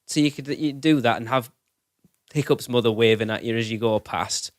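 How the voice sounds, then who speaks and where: A man's voice: mid-range voice, normal speed, dry recording. Rambling male podcast co-host, dry sound. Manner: rambling, corrects himself mid-thought. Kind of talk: casual chat.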